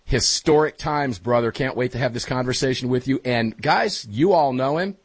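A man's voice: mid-range voice, moderate pace, breathy edge, dry recording, poor audio. A man hosting a talk radio show from his studio, chatting energetically with his co-hosts and speaking directly to the listeners. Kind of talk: casual talk radio banter. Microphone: studio mic.

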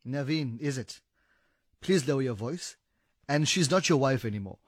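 A man's voice: mid-range voice, lively intonation, normal speed, no echo, studio quality, lightly acted. An actor playing a protective new partner who orders a drunk man out, firm and stern.

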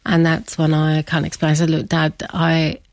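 A woman's voice: deep voice, completely flat delivery, moderate pace, no room sound. A middle-aged woman telling a personal story as an interview guest, chatty, laughing often and acting out what family members said.

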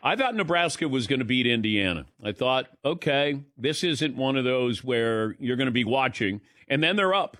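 Give me a man hosting sports radio, brisk and wry, with a dry, close sound. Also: medium pitch, expressive, fairly bright tone, no echo. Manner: brisk rundown, wry asides. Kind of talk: sports talk show rundown.

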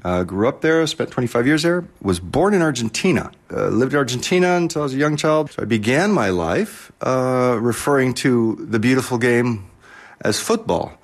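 American male interviewee, mid-range voice, measured casual chat. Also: medium pitch, animated. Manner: measured, with fillers.

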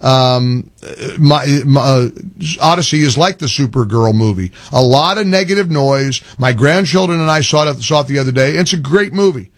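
An older man hosting a talk radio show, speaking in an impassioned monologue with a husky voice that climbs high when he gets emphatic. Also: normal speed, hardly any pauses, dry recording. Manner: impassioned, rising to emphatic pitch peaks.

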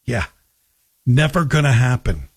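A Scottish man hosting a radio talk show delivers a sardonic, joking opinion monologue in a mid-range voice with big pitch swings and an unhurried pace. He slips into a Scottish voice for anecdotes, and the audio is very noisy.

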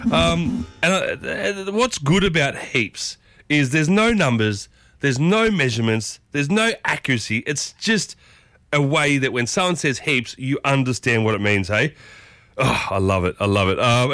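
A man with an Australian accent hosting a morning radio show, chatty and upbeat, often jumping up in pitch. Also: fairly bright tone, no room sound. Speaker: radio host. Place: radio studio. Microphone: studio microphone.

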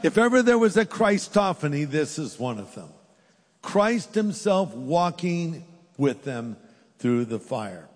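A man's voice: a little high, measured pace. Preacher man in a reverberant hall. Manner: animated storytelling, voices scripture characters. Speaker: pastor. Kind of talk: sermon.

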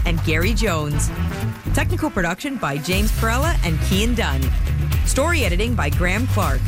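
Female radio announcer, credits read, lively pitch over loud music. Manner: brisk, even announcer read. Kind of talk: scripted credits reading. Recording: loud theme music under voice.

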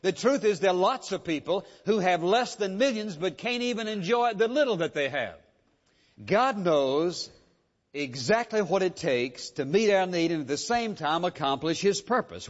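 A pastor preaching a sermon, pressing his point with rhetorical questions and repeated words. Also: high-pitched. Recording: dull lo-fi sound in a reverberant hall.

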